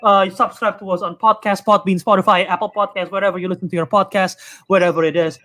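High-voiced man co-hosting a chatty podcast. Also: little pitch movement, fast talker, pushed and bright. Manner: jokey, laughing, stumbles over restarts. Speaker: podcast co-host. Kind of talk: casual chat.

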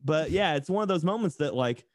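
A man's voice: a little high, animated, brisk, dry recording, studio quality. A young man from East Tennessee with a mild Southern accent, a podcast guest telling stories in a chatty, sarcastic way. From East Tennessee, USA. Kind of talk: casual podcast chat.

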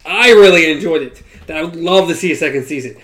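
A speaker in casual conversation, easygoing and quick to laugh. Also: mid-range voice, lively intonation, a bit bright. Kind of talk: casual chat.

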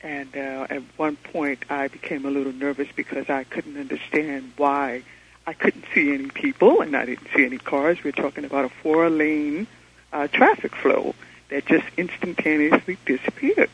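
Male caller from New York City, husky, fairly high voice, earnest storyteller, phone-line sound. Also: normal speed, a bit bright. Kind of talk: telling a personal story on a call-in show. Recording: dull telephone line.

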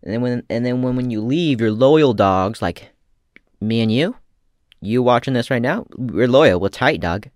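A man giving casual comedic commentary as a vlogger, rambling and profane with deadpan asides. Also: mid-range voice, normal speed, dry recording, clean studio sound.

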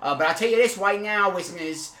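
A man hosting an improvised comedy podcast, rambling and halting with many fillers before turning suddenly emphatic. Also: high voice, bright, forceful tone, roomy sound. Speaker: podcast host.

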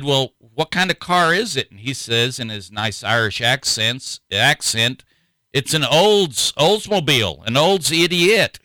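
A folksy man hosts a radio talk show and rambles casually from one point to the next. His voice is bright and edged, at a middling pitch. The sound is dry, with no room around it. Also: smooth, no room sound, low-quality recording.

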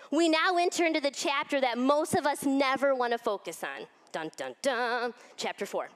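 A woman preaching a candid, animated sermon in a church and reading scripture aloud. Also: fairly high pitch.

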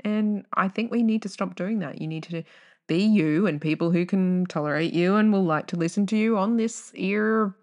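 A young woman hosting a casual solo podcast, rambling off on tangents with loud bursts of exclamation. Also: medium pitch, normal speed. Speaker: podcast host.

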